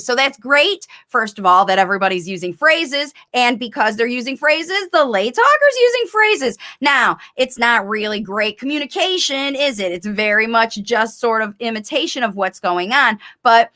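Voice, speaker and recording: A middle-aged woman coaching parents in a live-streamed Q&A, with a bright, forceful voice. She talks fast and with lots of energy, hammering points home through emphatic repetition. Her pitch sits a little high for a woman. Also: expressive. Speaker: speech-language pathologist coaching parents.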